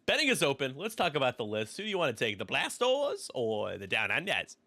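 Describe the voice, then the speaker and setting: Bright-voiced joking male commentator. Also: medium pitch, wildly swooping pitch, fairly quick, no room sound. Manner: joking, laughs often, rattles off upgrade lists. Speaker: game commentator. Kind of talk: casual game commentary.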